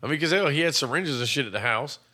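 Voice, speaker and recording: A man's voice: a little high, fast. Profane man riffing on a movie. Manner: profane, animated, acts out characters in quotes. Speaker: podcast co-host. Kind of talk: casual movie discussion.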